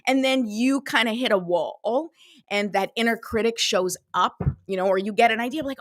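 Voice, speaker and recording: A chatty woman host in her thirties gives a motivational talk, her voice sitting a bit high. She is animated and loose, with lots of fillers. The sound is dry and close, with no room behind it. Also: a little fast, dry recording.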